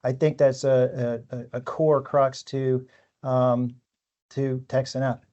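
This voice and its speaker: A man's voice: medium pitch, flat delivery, takes it slowly, mellow, muffled recording. A man, a new employee, answering questions in a casual chat and often repeating words as he starts. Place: company office.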